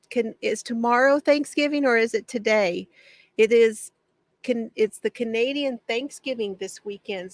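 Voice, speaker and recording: A woman's voice: fairly high pitch, no echo. A woman hosting a casual craft livestream from her home shed, greeting viewers by name, chatty and often laughing.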